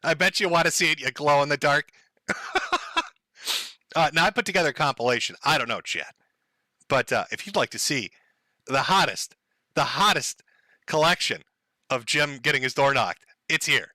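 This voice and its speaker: Sarcastic man, bright and lively. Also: on the high side, normal speed, long pauses, no room sound, clean studio sound. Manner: sarcastic, mocking, laughs often. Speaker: live stream host. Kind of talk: live stream commentary.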